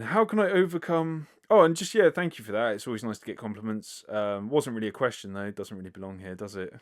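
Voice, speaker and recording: A British man hosting a casual solo podcast, answering listener questions in a rambling, self-deprecating way with lots of fillers and casual swearing. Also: lowish voice. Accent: British English. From Britain. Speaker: podcast host.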